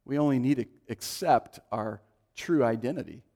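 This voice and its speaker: Middle-aged guy preaching, tells stories, does little voices for people, medium pitch. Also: moderate pace, gravelly. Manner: animated, acts out quoted voices in anecdotes. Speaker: pastor. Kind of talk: sermon with storytelling.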